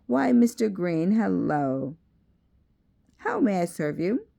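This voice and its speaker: A woman's voice: medium pitch, sing-song, takes it slowly, gravelly, dark tone, voice pushed up, heavily acted. A woman reading aloud as a cheerful, earnest male South African educator. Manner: upbeat and earnest.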